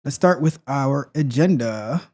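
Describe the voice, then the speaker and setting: A man's voice: medium pitch, lively intonation, unhurried, darkish tone. A man hosting a live tech tutorial stream, chatting casually and greeting viewers in the chat. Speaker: host.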